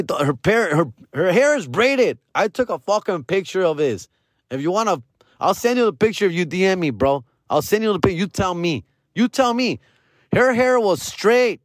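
A man, hosting a podcast and telling a story in a casual, animated way, full of slang and swearing and dropping into Spanish. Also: fairly high pitch, no echo, clean studio sound. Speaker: podcast host.

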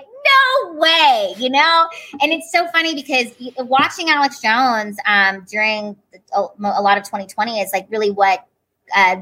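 A woman comedian, a guest on an interview show, telling her stories casually and acting out what people said. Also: a little high. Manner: animated, acts out quoted voices.

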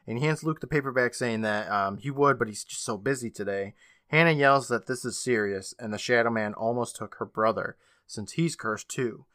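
Podcast co-host, male, bright forceful tone, dry close sound, casual recap delivery. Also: medium pitch, no echo. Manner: retells scenes with quick put-on quotes, laughs often.

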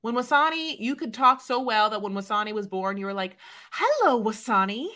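A woman's voice: mid-range voice, lively intonation, a little fast, sharp tone. A woman co-hosting a podcast in casual chat, rambling with many fillers and playfully mimicking people. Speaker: podcast co-host.

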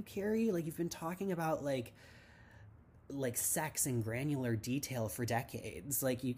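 A man's voice: mid-range voice, darkish tone, a little hiss or hum. A man hosting a casual TV recap podcast, rambling and sarcastic with lots of "like". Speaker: podcast host.

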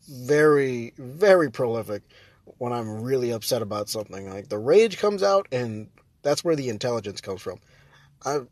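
A man's voice: medium pitch, no room sound. Rambling man, dry close podcast sound. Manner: rambling, self-interrupting, laughs often. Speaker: podcast host. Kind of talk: casual solo podcast chat.

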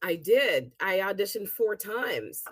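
A woman guest, a singer and actress, telling stories in a casual interview with animated, laughing delivery. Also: mid-range voice, takes it slowly, husky, dry recording. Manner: chatty, animated storytelling with laughs.

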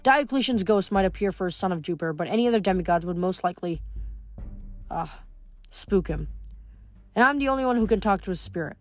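A woman reading the lines of a gloomy, creepy young male son of the death god, quiet and ominous, in a storybook reading. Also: medium pitch, animated, a little fast, long pauses, faint music behind, close to an everyday voice.

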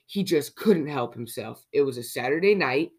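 Lively children's story reader. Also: mid-range voice, normal speed, breathy edge. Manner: lively, asks the listener questions. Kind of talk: reading a picture book aloud to children.

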